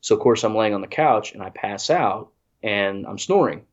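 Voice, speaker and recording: A man's voice: fairly low pitch, animated, normal speed. A congested man telling a rambling, self-deprecating story in casual chat, full of restarts. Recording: dull lo-fi audio.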